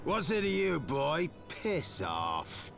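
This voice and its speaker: An actor playing a menacing, bullying street thug in a video game cutscene, with a gravelly, sneering voice. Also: male voice, a little high, wildly swooping pitch, takes it slowly, a bit bright, soft background music, heavily acted.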